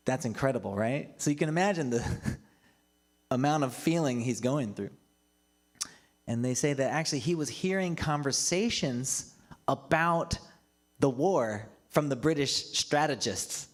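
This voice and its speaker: A man's voice: on the high side, animated, normal speed. A man preaching a casual, storytelling sermon as a pastor, often breaking into laughter between remarks. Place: church livestream.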